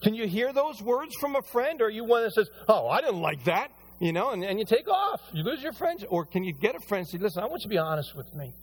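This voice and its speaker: A man preaching a sermon as pastor, animated, rising loud on emphasis and slowing down when reading scripture aloud. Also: sits high, breathy edge.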